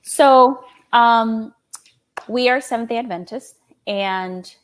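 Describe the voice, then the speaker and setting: A woman in her thirties telling her own story in an interview, animated, laughing often and acting out quoted dialogue. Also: fairly high pitch, slow pace, slight background noise. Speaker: guest, small business owner and designer.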